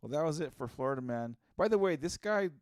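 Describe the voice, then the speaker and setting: A man's voice: a little high, expressive, fast, darkish tone, no room sound. A man co-hosting a podcast in casual chat, rambling through stories, swearing and laughing often. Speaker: podcast co-host.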